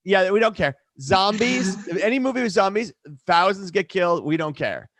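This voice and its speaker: A film director chatting as a guest, stammering and restarting as he talks. His voice sits a little high for a man. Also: lively intonation, moderate pace, a bit bright. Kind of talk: casual interview chat.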